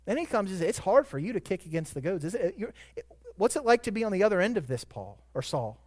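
A man with a high, light voice preaching a sermon. He moves from soft, measured reflection to sudden loud, ringing emphasis on key words. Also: very animated. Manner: dynamic preaching, swelling to loud emphatic peaks. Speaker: pastor.

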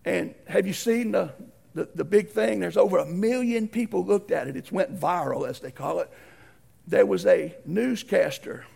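Middle-aged preacher, husky rasp, acts out every voice. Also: male voice, high-pitched, normal speed. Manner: animated, acts out voices in stories. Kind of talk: folksy storytelling sermon.

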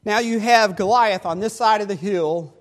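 High-voiced male preacher telling a story. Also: moderate pace. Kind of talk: sermon.

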